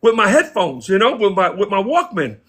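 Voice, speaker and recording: A man guest casually telling stories from his past in an interview, animated and acting out the people he quotes. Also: sits high, fairly quick. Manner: animated, acts out quoted voices. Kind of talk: casual storytelling.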